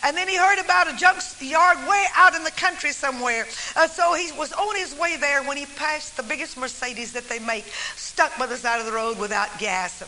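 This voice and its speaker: A woman preaching from the pulpit in the form of a story. Her tone is earnest and homespun, and her voice is very bright with a sharp, forward edge. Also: high voice, moderate pace, few pauses, slight background noise, low-quality recording. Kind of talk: storytelling sermon.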